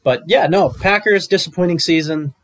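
Chill podcast guy, voice a bit high, rambles and laughs a lot. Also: normal speed, noisy background. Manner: easygoing, laughs often, rambling. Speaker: podcast co-host. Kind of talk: casual chat.

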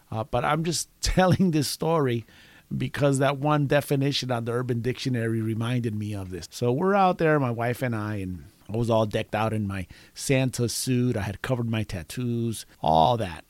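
A man's voice: medium pitch, no room sound. A man hosting a podcast, telling a story in a loose, rambling way, often breaking into chuckles. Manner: chuckles often between sentences; self-deprecating, rambling with restarts. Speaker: podcast host. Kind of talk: casual storytelling monologue.

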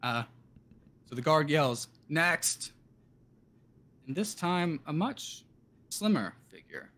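A man narrating as game master of a tabletop game, in loose, halting speech full of fillers. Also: a little high, big pitch swings.

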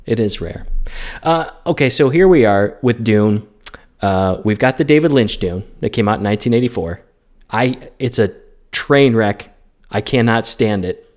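Opinionated man co-hosting a film podcast. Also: on the low side. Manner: opinionated, animated film talk with quick asides. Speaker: podcast co-host. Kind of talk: casual chat.

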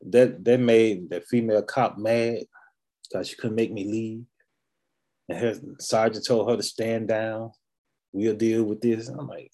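Husky, dark-voiced man talking bluntly. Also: on the low side. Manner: blunt, profane, emphatic with repetition. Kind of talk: casual conversation.

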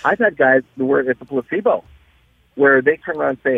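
A man's voice: mid-range voice, a little fast, no room sound. A man, a guest business owner, telling stories in a casual radio interview over the phone, restarting sentences often. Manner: animated storyteller, many restarts. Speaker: guest, dyno shop owner. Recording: tinny phone line, husky.

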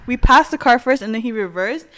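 A woman's voice: fairly high pitch, expressive, a little fast, fairly bright tone, a little hiss or hum. A woman co-hosting a podcast, telling a story in casual chat and defending herself when teased. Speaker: podcast co-host.

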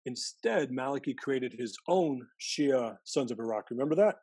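A man being interviewed as a former intelligence analyst, talking in an animated storytelling way and often restarting his sentences. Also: medium pitch, normal speed, husky, no room sound. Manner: animated storytelling, mimics quoted voices, frequent self-restarts. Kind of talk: conversational interview.

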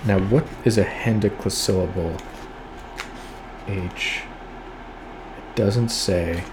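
Low-pitched male reader, offhand and irreverent, breaks off to comment; faint room noise behind. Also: takes it slowly. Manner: reads lines aloud then riffs with wry, profane asides; spells out words letter by letter while looking them up. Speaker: podcast host reading poems. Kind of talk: casual reading and commentary.

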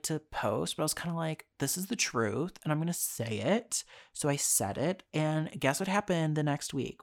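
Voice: mid-range voice, gravelly. A young adult podcast host telling a story in a frank, exasperated rant, swearing freely and laughing between phrases. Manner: profane, exasperated and frank, with frequent fillers.

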